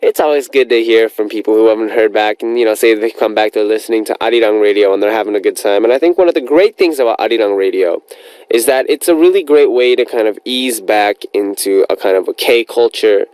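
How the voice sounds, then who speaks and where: A man's voice: lowish voice, fast, darkish tone, clean tone, dry recording, rough recording. A man hosting a radio show, chatting in an upbeat, rambling way as he reads out listener messages.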